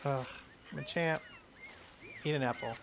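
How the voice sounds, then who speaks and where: A man hosting a casual let's-play, joking and excitable as he plays alongside a child. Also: medium pitch, a little slow, gravelly, a little hiss or hum. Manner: playful, excitable, jokey with a child. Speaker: gameplay host.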